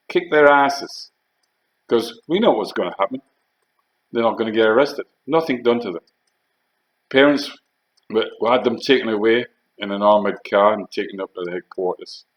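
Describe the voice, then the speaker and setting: Older ex-soldier with a lowish voice, blunt and combative, swearing through a heated monologue. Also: male voice, muffled recording. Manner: blunt, swearing, emphatic with rhetorical questions. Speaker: former soldier telling war stories.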